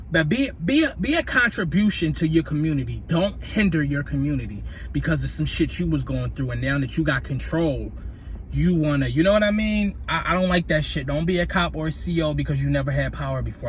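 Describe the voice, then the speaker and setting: A man telling a profane, animated story in a casual vlog at his workplace on a break, swinging between loud outbursts and mutters. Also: a little high, slight background noise.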